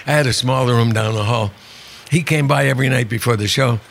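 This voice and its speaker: An older man with a gravelly, creaky voice settles into a long show-business anecdote. He talks wryly and conversationally, slipping into the voices of the people he quotes. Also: medium pitch, fast. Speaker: guest, comedian. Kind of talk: storytelling interview chat.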